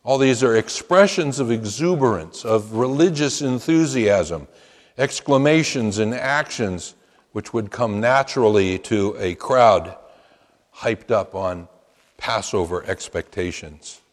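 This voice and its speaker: A man delivers a sermon from the pulpit at an unhurried, measured pace. His voice swells into emphatic, chanted quotations before settling back. The sound carries the long reverb of a large hall. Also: on the low side, animated. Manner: emphatic preaching with rising chanted quotes. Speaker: pastor.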